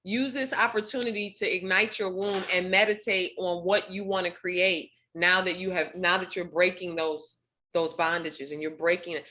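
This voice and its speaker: Bright-voiced woman hosting a call, affirming everyone, kinda preachy and repeats herself. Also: on the low side. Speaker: host. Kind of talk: encouraging group call hosting.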